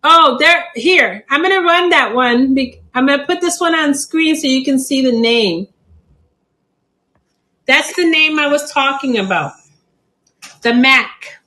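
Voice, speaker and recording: A woman's voice: high-pitched, expressive, a little slow, pauses often, sharp tone, rough recording. A middle-aged woman hosting a live plant sale stream, chatty and laughing often.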